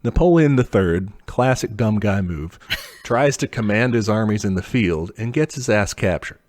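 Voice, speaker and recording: A man's voice: on the low side, animated, normal speed, a little mellow. Casual, swearing young man retelling history. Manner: loose and profane, slips into mock voices for historical figures. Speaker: podcast co-host.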